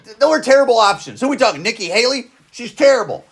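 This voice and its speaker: Blunt high-voiced man in his forties ranting. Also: sing-song, quick pace, slightly rough. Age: 40s. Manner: blunt, slangy, repeats phrases. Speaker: podcast host. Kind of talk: casual opinion rant.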